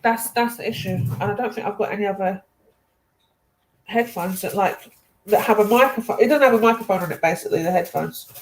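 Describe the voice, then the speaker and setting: A young woman hosting a live stream, chatty and animated, laughing easily. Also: mid-range voice, fairly quick, a little hiss or hum. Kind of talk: casual chat.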